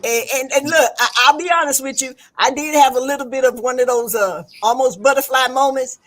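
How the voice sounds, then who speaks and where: A woman in her fifties telling a lively story in casual chat, laughing and acting out the people she quotes. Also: high voice, a little fast.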